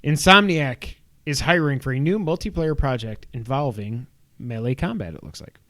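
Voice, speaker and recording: A man's voice: on the high side, animated, fairly bright tone, dry recording. Young male podcast co-host, casual news rundown, dry booth sound. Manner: chatty, runs through news items with quick asides.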